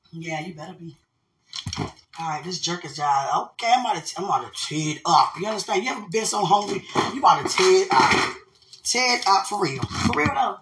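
Cooking at home in a roomy, echoey kitchen with faint dish clatter and a noisy background, a man with a high, brisk voice chats casually with his livestream viewers. He comes across as earnest and religious, rambling and laughing often.

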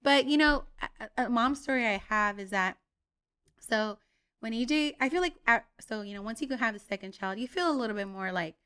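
An animated young woman co-hosting a casual podcast, her voice sitting a little high. She tells stories full of "like" and frequent swearing. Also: brisk, smooth. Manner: animated storytelling, lots of "like" and swearing. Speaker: podcast co-host. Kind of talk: casual chat.

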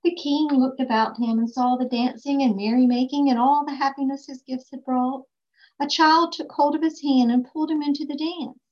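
A woman reading a children's story aloud, expressive and slow on emphatic phrases. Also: sits high. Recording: dull lo-fi recording.

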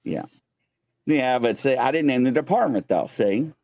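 A man's voice: medium pitch, moderate pace, no echo, highs cut off. A middle-aged man from the United States hosting a show, telling stories casually and acting out the voices of the people in them. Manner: animated, acts out voices while telling stories. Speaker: host. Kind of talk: casual storytelling.

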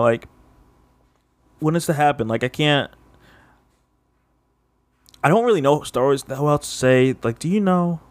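A man's voice: on the high side, measured pace, pauses often, dry recording. Rambling casual man, dry sound. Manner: rambling, heavy use of "like", laughs often. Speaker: podcast co-host. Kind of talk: casual chat.

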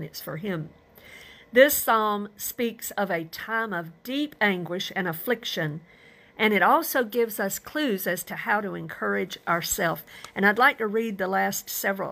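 Earnest lady going thru bible verses, bit of vocal fry, mid-pitched voice, keeps clearing her throat. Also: fairly bright tone. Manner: earnest, calls listeners "beloved", clears throat often. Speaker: Bible teacher. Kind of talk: devotional Bible commentary and reading.

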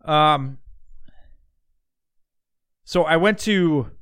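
A podcast host from Long Island with a slight New York accent, ranting and swearing constantly as he mocks people in loud put-on voices. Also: medium pitch, lively intonation, measured pace, long pauses. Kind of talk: profane comedic rant.

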